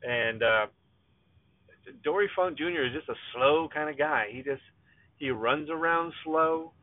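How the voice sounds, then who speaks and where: A man's voice: fairly high pitch, measured pace, no room sound. A man hosting a casual, rambling recap show, joking offhand and correcting himself as he goes. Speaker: wrestling podcast host. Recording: dry, tinny phone-like sound.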